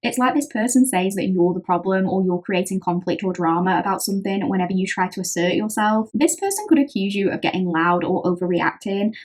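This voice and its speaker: A woman's voice: medium pitch, brisk, hardly any pauses, darkish tone. Chatty British woman reading tarot. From Britain. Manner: chatty, conversational, often acting out what others say. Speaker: tarot reader. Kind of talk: pick-a-card tarot reading.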